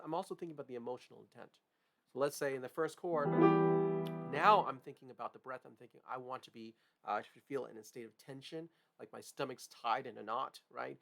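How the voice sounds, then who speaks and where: A man with a medium-pitched, gravelly, slightly bright voice demonstrates a piano lesson. He explains as he goes, checking in often with "right?" and "okay?"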